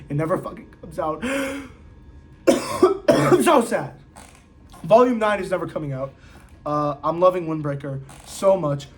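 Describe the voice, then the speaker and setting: A young man reviewing manga in a casual vlog, excitable, swearing often and saying "like" a lot. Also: a little high.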